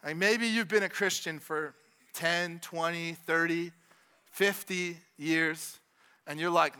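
A man preaching a sermon in a conversational way, repeating phrases and dropping in quick asides. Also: fairly high pitch, steady tone, bright, forceful tone, clear, resonant tone. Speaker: pastor. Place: church with congregation.

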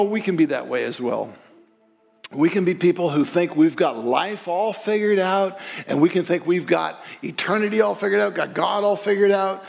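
A man's voice: on the high side, vocal fry, long reverb tail. A man preaching a sermon in a conversational way that rises to emphatic peaks. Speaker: pastor.

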